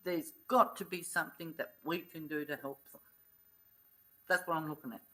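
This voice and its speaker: A woman's voice: sits low, steady tone, normal speed, bright, forceful tone, rough recording. A middle-aged woman vlogging, earnestly retelling events in blunt, casual talk. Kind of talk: casual storytelling vlog.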